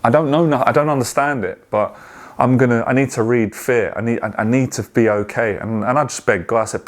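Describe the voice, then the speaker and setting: A man, giving an earnest personal testimony in a halting way, with many restarts and repeated words. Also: medium pitch. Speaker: guest sharing a testimony.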